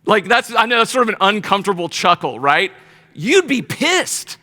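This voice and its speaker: A man teaching a Bible study in a casual, conversational sermon style, telling the story with animated asides and playful paraphrased voices. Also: high voice, normal speed. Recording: long reverb of a hall.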